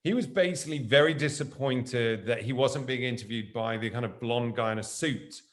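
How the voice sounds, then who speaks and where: Lively middle-aged male storyteller. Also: medium pitch, normal speed. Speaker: guest. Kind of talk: casual conversation.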